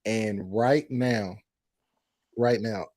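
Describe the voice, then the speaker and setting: A man's voice: on the low side, steady tone, very slow, darkish tone, dry recording. A man giving his frank opinion in a casual group conversation. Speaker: fraternity brother in a panel talk. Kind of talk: casual chat.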